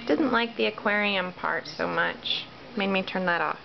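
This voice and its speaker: A woman talking softly to her baby in sing-song questions, recorded on a home video. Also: medium pitch, moderate pace, creaky. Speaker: mother. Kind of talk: baby talk to her infant. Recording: muffled home video with faint hiss.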